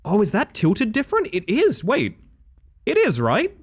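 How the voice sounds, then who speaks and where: A man's voice: high voice, normal speed, slightly rough. A man streaming a horror game live, commenting casually, swearing freely and talking to his chat. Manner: animated, swears freely, chats with viewers.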